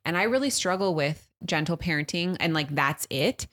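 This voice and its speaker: A woman's voice: fairly low pitch, lively intonation, normal speed, a bit bright. A woman in her thirties co-hosting a podcast, chatting casually and telling a family story with acted-out quotes. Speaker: podcast co-host. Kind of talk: casual chat.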